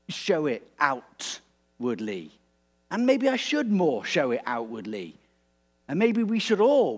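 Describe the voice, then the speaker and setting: A man preaching a sermon in a relaxed, conversational way, animated and prone to restarts. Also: on the high side.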